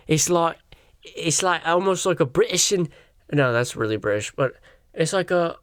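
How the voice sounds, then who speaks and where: A man's voice: a little high, big pitch swings, moderate pace, a bit bright, no room sound, studio quality. A man hosting a solo comedy podcast, ranting in a sarcastic, profane way. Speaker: podcast host.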